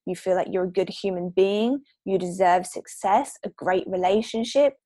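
Woman podcast guest, confident and emphatic, middle pitch, dead dry sound. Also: moderate pace, mellow, dry recording. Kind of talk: casual podcast conversation.

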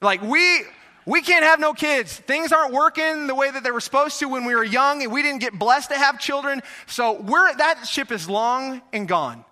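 A man's voice: very high voice, expressive, takes it slowly, few pauses, fairly bright tone, pitched above the performer's own voice, heavily acted. A man voicing an exasperated, stubborn old woman who insists in sassy, emphatic protests that she is too old for children. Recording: echoey hall reverb.

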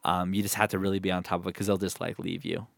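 A man's voice: low voice, level tone, racing, vocal fry, no room sound, studio quality. A man hosting a podcast who chats in an easygoing way, laughs often and gives casual advice. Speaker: podcast host.

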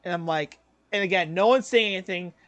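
Young man telling a story, animated. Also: high-pitched, brisk, no room sound. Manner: animated, acts out quoted voices, laughs often. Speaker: podcast co-host. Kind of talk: casual storytelling chat.

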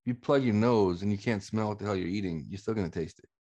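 A man's voice: on the low side, quick pace, dark tone. A man co-hosting a casual podcast, arguing his point and swearing casually. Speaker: podcast co-host.

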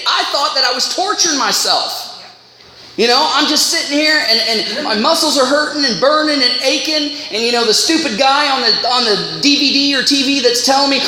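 A male preacher giving an animated, impassioned sermon that mimics other voices. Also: very high voice, normal speed. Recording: echoey hall with faint noise.

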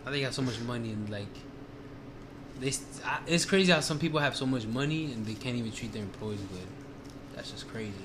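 A man's voice: medium pitch, a little fast, noisy background. A young man with a New York accent chatting casually on a podcast, profane and slangy. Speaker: podcast co-host. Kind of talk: casual chat.

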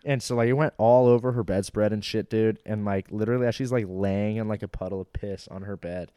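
A man's voice: on the low side, steady tone, a little fast, warm tone, smooth, no echo, studio quality. A young man in crude casual chat, rambling with constant filler words and frequent laughter.

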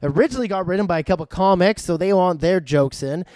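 A man reviews movies in a loose, rambling way, with plenty of uhs and casual swearing. His voice sits fairly high and comes across clean and smooth. The recording is dry and close. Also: fast talker, a little mellow, no room sound. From Vancouver, Canada.

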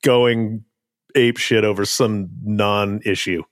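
A man's voice: on the low side, fairly even intonation, takes it slowly, no echo, studio quality. A man co-hosting a podcast, talking bluntly with swearing and irritated asides. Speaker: podcast co-host. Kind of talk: casual chat.

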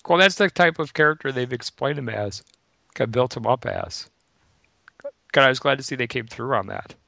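A man co-hosting a podcast in casual chat, relaxed and agreeable, thinking aloud as he talks. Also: medium pitch, normal speed, vocal fry, no room sound. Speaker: podcast co-host.

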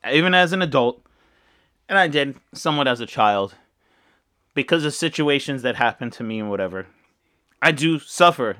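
A man's voice: mid-range voice, sharp tone, no room sound, studio quality. A man hosting a podcast, a father talking in an earnest, rambling and emotional way in a casual monologue. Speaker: podcast host.

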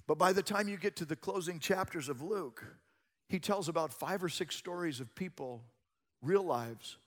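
A man preaching a sermon as a pastor, moving between hushed passages and loud, emphatic ones. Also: fairly high pitch, in a large hall.

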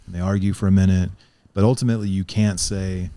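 A man's voice: sits low, level tone, a little fast, warm tone, no echo. A man in casual chat, rambling and profane, laughing often and telling stories about life in China. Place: lives in China.

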